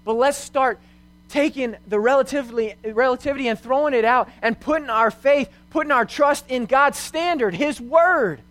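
At a moderate pace, a high-voiced young man gives a sermon as youth pastor, his tone a touch bright. He speaks sincerely, working rhetorical questions and his own experiences into what he teaches.

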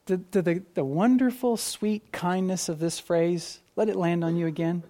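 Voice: medium pitch, fairly even intonation, normal speed. Emphatic preacher delivering a sermon. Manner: emphatic preaching with swings from loud stresses to quiet asides; repeats words when restarting a thought. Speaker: pastor.

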